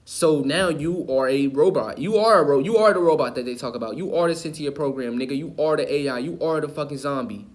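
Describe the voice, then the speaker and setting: In a fast-moving spiritual rant with hardly any pauses, a man hosting an online video preaches passionately to the camera, swearing and repeating himself for emphasis. His voice runs on the high side and his delivery is a little quick.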